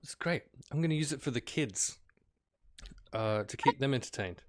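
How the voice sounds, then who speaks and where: A man's voice: mid-range voice, expressive, moderate pace, voice pushed up, lightly acted. A man voicing an eager, effusive woman caretaker in a tabletop game. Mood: gushing.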